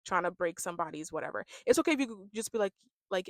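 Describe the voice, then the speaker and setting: A woman ranting casually about a reality show, acting out the people she quotes and swinging between loud bursts and hushed asides. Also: medium pitch, rapid-fire, no echo. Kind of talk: casual rant vlog.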